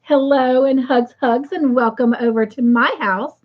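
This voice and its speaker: A woman's voice: high voice, steady tone, a little slow, a little hiss or hum. A woman hosting a casual livestream, chatting with many fillers and greeting viewers by reading their comments aloud. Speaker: livestream host. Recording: muffled lo-fi livestream audio.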